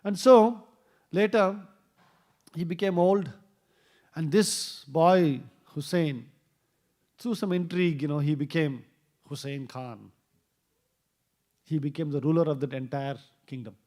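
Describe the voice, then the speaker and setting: A man's voice: on the high side, unhurried, pauses often, a little mellow. A man giving a temple class, telling a story and acting out the quoted dialogue with a rising voice. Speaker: temple speaker. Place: temple hall.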